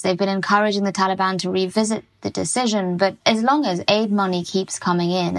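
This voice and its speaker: A woman correspondent answering interview questions on a news podcast, measured and analytical, with some fillers. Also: mid-range voice, gravelly.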